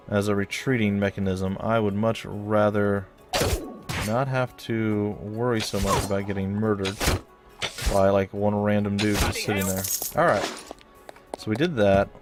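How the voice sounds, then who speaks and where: A man with a fairly low voice gives casual, jokey commentary while playing a game, chatting to his viewers as guys and folks. Game music plays clearly underneath him. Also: fairly even intonation, moderate pace. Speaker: let's play host.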